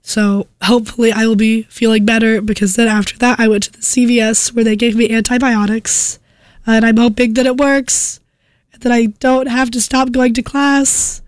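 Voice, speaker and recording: Young woman, sick, soft quiet voice, flat delivery, slightly high pitch, rambling radio host, dry sound. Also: moderate pace, no echo. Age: young adult. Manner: rambling, hesitant with restarts. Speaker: student radio DJ. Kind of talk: casual radio chat between songs.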